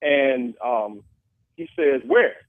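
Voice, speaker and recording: A man calls in to tell a personal story, earnest and full of restarts. His voice sits fairly high and comes through a tinny, phone-like line with no room sound. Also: lively intonation, brisk, no echo. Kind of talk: personal story told on a call-in show.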